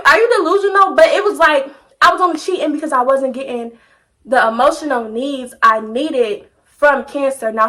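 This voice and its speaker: Animated high-pitched young woman storyteller. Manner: animated, slangy, repeats phrases for comic effect. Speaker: vlogger telling a story. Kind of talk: casual storytime.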